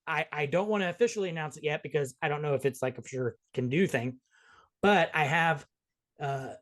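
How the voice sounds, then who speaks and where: A man hosting a casual movie review podcast, joking and talking in quick bursts with restarts. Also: fairly high pitch. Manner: jokey, quick, restarts often. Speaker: podcast host.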